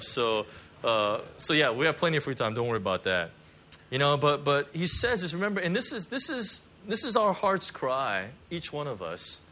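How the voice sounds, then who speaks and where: A man preaching a sermon, pastoral and animated, with frequent stammered restarts as he builds up to pleading prayers. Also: mid-range voice, slight background noise.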